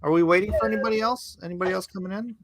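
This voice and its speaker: A man with a slightly high voice hosts a live drawing stream in a playful, joking way. He talks casually to guests on a video call through a desk mic. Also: fairly even intonation, very fast, background noise. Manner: jokey, playful banter. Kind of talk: casual livestream chat.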